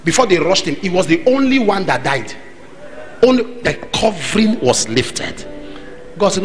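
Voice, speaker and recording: Lively Nigerian pastor preaching. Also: male voice, high-pitched, normal speed, faint music behind, rough recording. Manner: animated, acts out dialogue, shifts between loud and soft. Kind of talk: sermon with acted anecdotes.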